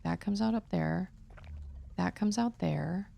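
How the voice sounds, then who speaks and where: A woman's voice: on the low side, slow pace, gravelly, mellow. A woman streamer chatting casually and thinking aloud while she plays a game. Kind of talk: casual gameplay chat.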